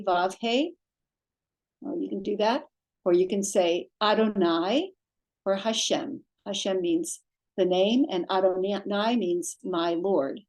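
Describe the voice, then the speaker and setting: A woman teaching a reading lesson, naming each letter and vowel in turn. Her pace is extremely slow and deliberate, with a mid-range pitch. She drills the sounds with steady patience. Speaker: Biblical Hebrew teacher.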